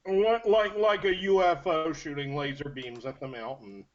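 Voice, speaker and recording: A man's voice: a little high, fairly even intonation, moderate pace. A man playing a tabletop game, asking hesitant, polite questions. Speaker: player. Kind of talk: casual tabletop play. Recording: dull lo-fi audio.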